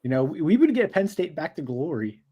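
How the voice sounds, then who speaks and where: A man's voice: on the high side, very animated, fairly quick, mellow, husky. Joking man talking sports. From United States. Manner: joking, rambling with fillers. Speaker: sports podcast co-host. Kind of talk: casual sports chat.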